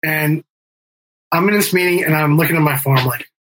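A man's voice: on the high side, brisk, a bit bright, a little hiss or hum, low-quality recording. A middle-aged man telling a long story in casual interview talk, rambling with fillers and restarts and swearing. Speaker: guest, band member and music manager.

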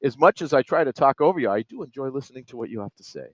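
A man in a casual comedy chat, joking in a deadpan, mock-serious way. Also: medium pitch, rapid-fire, muffled recording, a loud crowd. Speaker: podcast co-host.

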